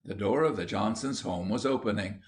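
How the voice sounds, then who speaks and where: Guy reading a kids audiobook, steady and even. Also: lowish voice, moderate pace, slight background noise. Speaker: audiobook narrator. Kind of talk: scripted storybook narration.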